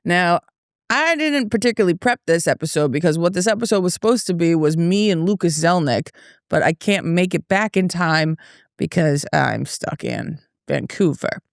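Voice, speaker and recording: A woman's voice: fairly low pitch, expressive, normal speed, gravelly, no echo, studio quality. A young woman from the Boston area with a Boston accent, hosting a solo podcast and rambling through stories while drinking beer. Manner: profane, rambling, tipsy storytelling with frequent restarts. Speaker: podcast host and comedian. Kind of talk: casual solo podcast rant.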